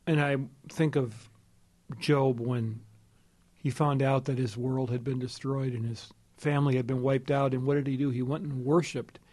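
A man hosting a conversation about faith, responding with measured, reflective comments. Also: mid-range voice, fairly even intonation, darkish tone. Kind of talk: conversational interview.

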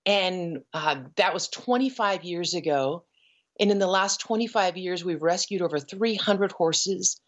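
A middle-aged woman giving an earnest, emotional personal testimony as a guest, pausing and restarting as she tells her story. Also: fairly low pitch. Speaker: guest, ranch founder. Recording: dull lo-fi audio.

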